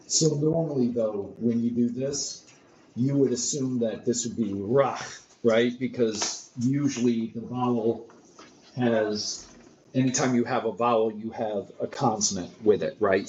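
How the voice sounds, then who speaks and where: A man's voice: medium pitch, steady tone, a little slow, a little mellow, a little hiss or hum. A man in a class discussion, explaining a point and checking with "right?". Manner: asks "right?" to check understanding. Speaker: class member. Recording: dull, echoey room sound.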